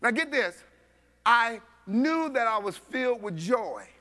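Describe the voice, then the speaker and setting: Man, preacher, high voice, animated storytelling, acts out dialogue. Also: unhurried. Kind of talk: sermon storytelling.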